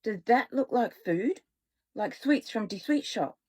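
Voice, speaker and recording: A young boy with a put-on German accent, speaking earnestly and haltingly, his voice sitting a touch higher than the reader's own, as a woman puts him on. He is a storybook figure from a children's tale read aloud. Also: animated, darkish tone, husky.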